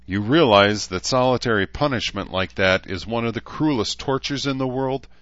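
A man's voice: medium pitch, normal speed, a bit bright, no room sound, highs cut off, pitched above the performer's own voice, close to an everyday voice. A man doing a firm, commanding woman leader. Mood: earnest, firm. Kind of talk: audiobook character voice.

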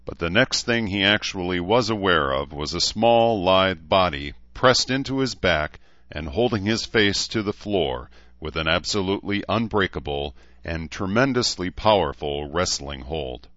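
A man narrating an audiobook in an even, steady reading voice. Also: deep voice, a little slow, no room sound. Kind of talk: scripted narration. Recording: slightly dull lo-fi recording.

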